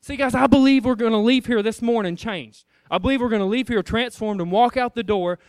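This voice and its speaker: High-voiced preacher asking questions. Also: male voice, fairly quick, smooth, dry recording, studio quality. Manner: conversational, rhetorical questions, addresses the congregation as guys. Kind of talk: informal sermon.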